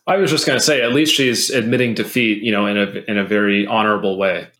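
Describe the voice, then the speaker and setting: A man who is a guest on a podcast, making quick, ironic remarks in casual banter. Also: on the low side, fairly even intonation, a bit bright, reverberant.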